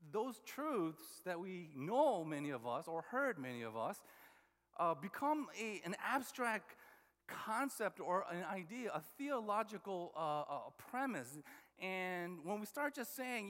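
A man's voice: high voice, very animated, slow, a bit bright. A man preaching a sermon as a pastor, conversational and full of restarts and repeated words. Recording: long hall reverb.

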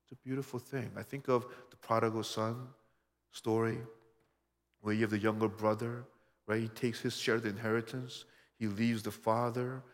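A man's voice: medium pitch, flat delivery, normal speed. Male pastor, earnest sermon delivery, many rhetorical questions, long hall reverb. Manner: earnest, personal storytelling with frequent rhetorical questions.

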